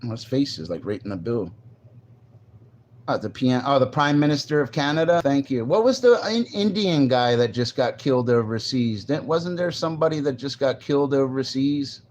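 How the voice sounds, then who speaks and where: A man's voice: mid-range voice, expressive, normal speed, a little mellow, slight background noise. A man talking casually on a live stream, rambling loosely and answering viewers' comments. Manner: rambling, loose, restarts and reads chat aloud. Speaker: livestreamer.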